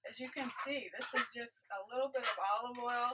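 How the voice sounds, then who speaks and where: A woman's voice: a little high, fairly even intonation, a little fast, far from the mic, heavy background noise. A woman chef chatting casually while demonstrating a dish in a food truck kitchen. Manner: chatty, explaining as she cooks. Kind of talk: cooking demonstration.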